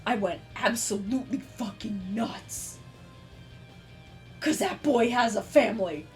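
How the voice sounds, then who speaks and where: A woman streamer in casual chat, animated and swearing freely with many fillers. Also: a little high, unhurried, faint music behind.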